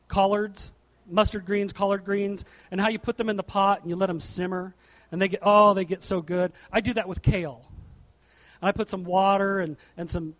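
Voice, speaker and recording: A middle-aged man preaching a sermon from a church platform, animated and asking the congregation questions. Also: high-pitched. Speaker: pastor.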